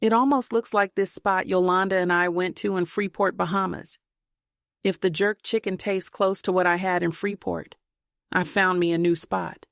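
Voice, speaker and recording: A woman voicing a relaxed young man who jokes easily with his grandmother. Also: on the low side, normal speed, vocal fry, no room sound, studio quality. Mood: easygoing.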